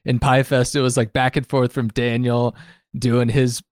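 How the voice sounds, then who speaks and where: A man's voice: mid-range voice, level tone, normal speed, darkish tone, dry recording. Casting: man, show host, rambling chatty recap talk, dry close sound. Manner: rambling, chatty, laughs often. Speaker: podcast host. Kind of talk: casual recap chat.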